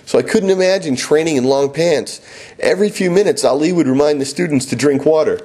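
Husky man telling a wry story. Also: fairly high pitch, fairly quick, a little mellow. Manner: wry, self-mocking, dramatic. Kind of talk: first-person storytelling.

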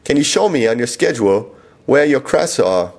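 A man voicing a pedantic male quality control manager who talks slowly and formally, in a patronizing way. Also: medium pitch, very animated, gravelly, darkish tone. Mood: officious.

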